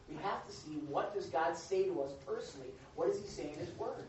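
A pastor delivering an animated, emphatic sermon to his congregation, often repeating words as he drives a point home. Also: high voice, fairly quick, hardly any pauses, a little hiss or hum. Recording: echoey hall from a distant, dull mic.

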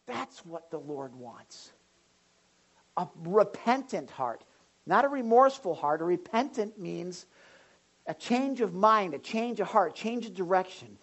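Lady pastor preaching, lively, slips into little voices of folks in the pews. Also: medium pitch, a little slow, rough recording. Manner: animated, acts out congregants' voices. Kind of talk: sermon.

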